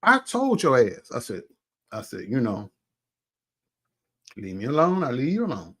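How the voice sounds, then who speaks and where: A man vlogger delivering an angry, profane call-out rant, swinging from loud outbursts to low muttering and eating as he talks. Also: huge pitch swings, measured pace, husky. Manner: eats while talking. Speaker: commentary vlogger.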